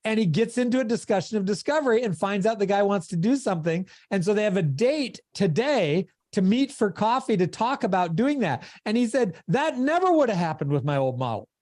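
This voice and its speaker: A man's voice: high voice, expressive, brisk, few pauses, a little mellow, no echo, studio quality. A man giving a motivational coaching talk on a video call, with an emphatic, preacher-like cadence. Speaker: sales coach.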